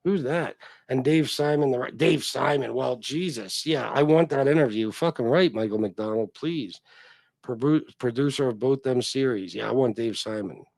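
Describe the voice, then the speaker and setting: A man's voice: medium pitch, moderate pace, gravelly, dry recording. A man hosting a casual livestream, reading comments and telling rambling, profane stories. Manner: profane, rambling, animated reactions. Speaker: livestream host.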